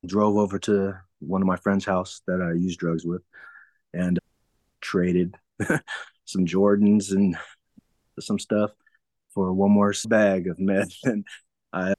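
A man's voice: low-pitched, a little mellow, dry recording. A man speaking as an interview guest and telling his personal story frankly. He often acts out past conversations and laughs through hard memories.

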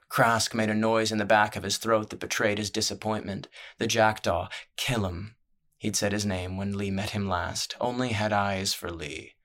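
A male narrator reading a fantasy serial with a low voice. His delivery is measured and steady, with very little rise and fall, keeping an even storytelling tone throughout.

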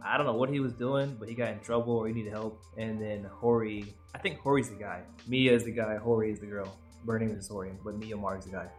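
A man's voice: lowish voice, steady tone, quick pace, hardly any pauses, faint music behind. A young man co-hosting a podcast in casual chat, rambling and laughing as he acts out quotes. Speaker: podcast co-host.

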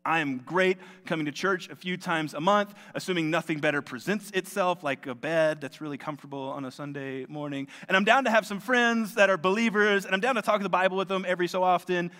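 A pastor doing a shrugging, lukewarm churchgoer. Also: male voice, high-pitched, brisk, hardly any pauses, sharp tone, pitched above the performer's own voice. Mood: breezy. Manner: breezy, shrugging excuses. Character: noncommittal casual churchgoer, adult man. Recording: long reverb of a large hall.

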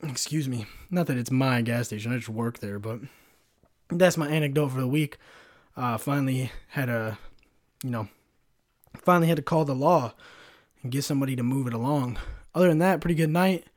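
Animated man ranting on a solo podcast. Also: mid-range voice, a little fast, pauses often. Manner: animated storytelling with frequent swearing and fillers. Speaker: podcast host. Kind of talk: casual solo podcast rant.

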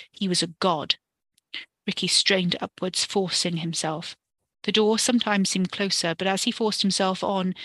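A woman reading a story for a podcast in a steady, expressive way. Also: medium pitch, no room sound. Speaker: podcast narrator.

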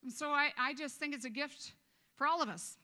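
A woman pastor gives a casual, joking sermon, slipping into quick acted asides. Her voice sits a little high and sounds bright and clear. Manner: conversational and joking, with many restarts and acted asides.

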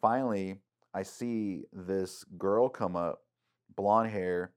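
A middle-aged man, a podcast guest, telling a story casually and animatedly, acting out the voices in it with big jumps in pitch and lots of "like" fillers. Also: steady tone, slow pace.

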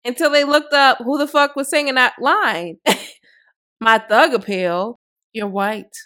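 A woman's voice: sits high, expressive, measured pace, bright, forceful tone. A woman in her thirties hosting a podcast, giving blunt, profane, emphatic opinion commentary in a casual way. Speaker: podcast host.

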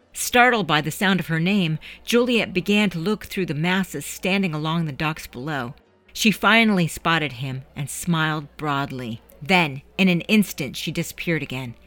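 A woman host reading a scripted story narration in a measured storytelling manner. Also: deep voice, a bit bright, dry recording.

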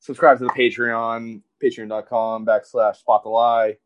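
A man's voice: medium pitch, flat delivery, a little slow, lo-fi sound. A man co-hosting a podcast, rambling in casual banter, filling his talk with "like" and swearing often. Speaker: podcast co-host.

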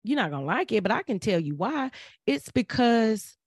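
A woman's voice: on the high side, very animated, moderate pace, no room sound, studio quality. A middle-aged woman, speaking in an earnest, preachy way and repeating phrases for emphasis. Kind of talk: casual motivational talk.

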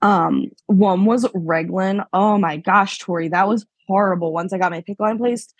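Young woman guest from Pennsylvania, husky voice, chatty storyteller who laughs a lot, dry close sound. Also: mid-range voice, steady tone, moderate pace, dry recording. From Pennsylvania, USA. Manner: chatty, laughs often, acts out past conversations. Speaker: podcast guest. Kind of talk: casual storytelling interview.

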